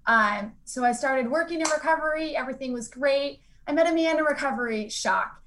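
A woman telling her own story in a frank, conversational way, full of fillers and lively acted-out quotes. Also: high voice, a little fast, slight background noise. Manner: acts out quoted people with lively voices. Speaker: speaker sharing a recovery story. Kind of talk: candid personal storytelling.

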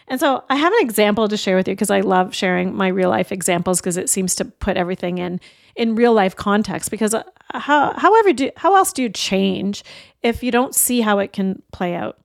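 A woman's voice: mid-range voice, lively intonation, fairly quick, creaky, no room sound. Earnest middle-aged woman coach, dry sound. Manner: earnest and openhearted, shares personal stories. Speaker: life coach and podcast host. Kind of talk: reflective motivational talk.

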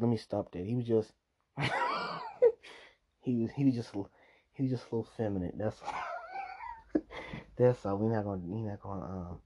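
A man's voice: on the low side, dark tone, slightly rough. A man hosting a podcast, telling casual stories full of profanity, frequent laughter and acted-out quotes. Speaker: podcast host. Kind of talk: casual storytelling.

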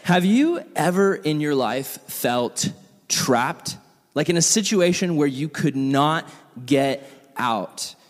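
Young guy youth pastor rambling through a funny story, kinda high voice, big echoey hall. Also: expressive, slow, soft background music. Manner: chatty, joking storyteller with many fillers. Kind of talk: casual sermon.

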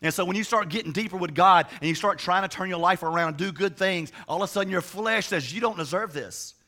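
A man's voice: high-pitched, quick pace, bright, forceful tone. A young adult man, a pastor, preaching a sermon in a chatty storytelling way with many restarts.

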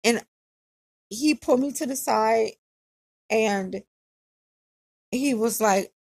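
Gravelly candid woman telling a story. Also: on the high side, slow pace, darkish tone, dry recording. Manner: candid, conversational, repeats phrases for emphasis. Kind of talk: casual personal storytelling.

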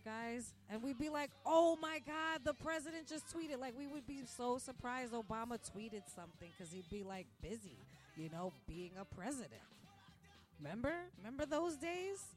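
Animated rambling woman podcaster. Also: a little high. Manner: animated and rambling, acts out quoted voices, laughs often. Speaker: podcast host. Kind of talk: casual ranting monologue. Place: restaurant where she works. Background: faint music.

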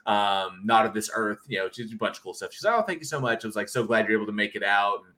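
A man's voice: on the low side, quick pace, bright, forceful tone. A man co-hosting a podcast in casual chat, telling rambling stories and laughing often. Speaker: podcast co-host.

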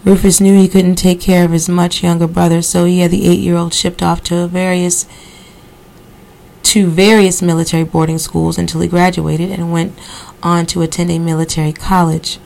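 A woman podcast host reading a novel aloud at a steady pace, breaking off now and then for casual asides. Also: lowish voice, moderate pace, creaky, low-quality recording. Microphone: computer recording software.

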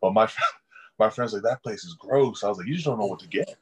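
A man's voice: fairly low pitch, fast, a little hiss or hum, low-quality recording. A young man, a college football player, telling casual stories in an interview and laughing often. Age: young adult. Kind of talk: casual storytelling.

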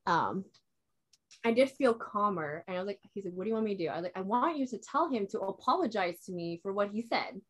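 A woman's voice: mid-range voice, lively intonation, fast talker, husky. A young woman in casual chat, telling a long personal story in a rambling way, filling it with "like" and quoting herself and others.

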